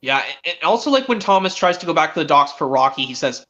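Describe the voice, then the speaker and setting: A man hosting a stream, chatting excitedly as a fan and rambling with frequent restarts. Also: fairly high pitch, fast. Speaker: stream host. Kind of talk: casual fan chat. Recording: dull lo-fi stream audio.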